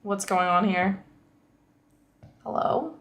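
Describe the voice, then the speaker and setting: A woman livestreaming from home, chatting casually with viewers in a rambling way, her voice slightly hoarse. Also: mid-range voice, unhurried, roomy sound. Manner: rambling, chatty, frequent likes and ums.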